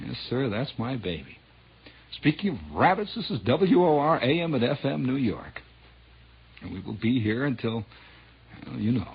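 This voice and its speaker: A man's voice: mid-range voice, lively intonation, moderate pace, vocal fry, husky. A male radio disc jockey giving a wry, sardonic, rambling on-air monologue. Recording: muffled old radio broadcast.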